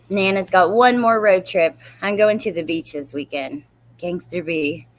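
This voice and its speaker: A woman's voice: lowish voice, measured pace. A woman in her thirties hosting a casual true crime livestream, rambling and greeting viewers by name as she reads their comments.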